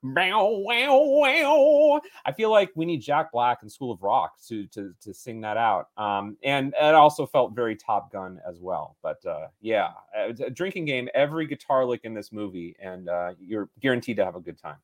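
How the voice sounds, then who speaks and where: A man's voice: lowish voice, lively intonation, normal speed, few pauses. A man co-hosting a casual movie podcast, chatty and rambling with many fillers. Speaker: podcast co-host.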